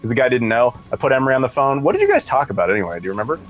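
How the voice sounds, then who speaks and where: A man's voice: mid-range voice, racing, soft background music. A man co-hosting a podcast, telling an anecdote in casual chat and acting out what others said. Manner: animated, acts out others' voices. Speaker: podcast co-host.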